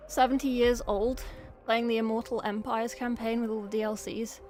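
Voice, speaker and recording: Chatty woman streamer, slightly high voice. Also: level tone, moderate pace, a little mellow, faint music behind. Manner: chatty, rambling, swears freely; talks to chat, thanks followers. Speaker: game streamer. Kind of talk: casual live-stream chat.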